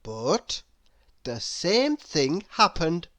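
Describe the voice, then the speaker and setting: Very slow, lively woman storyteller. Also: fairly low pitch. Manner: expressive, asks the listener questions. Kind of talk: children's read-aloud.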